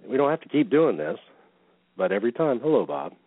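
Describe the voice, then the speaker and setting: A man's voice: medium pitch, sing-song, a little fast, no room sound. Wry man co-host on a tinny line. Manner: wry, joking asides to listeners. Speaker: co-host of a wrestling talk show. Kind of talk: casual chat. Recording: tinny phone-line sound.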